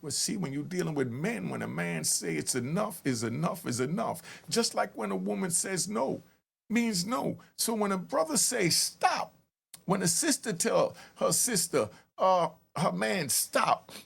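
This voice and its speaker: Gravelly animated New man. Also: sits high, unhurried. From New York. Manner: storytelling, yells and acts out calls. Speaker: commentary host. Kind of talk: animated street-talk commentary.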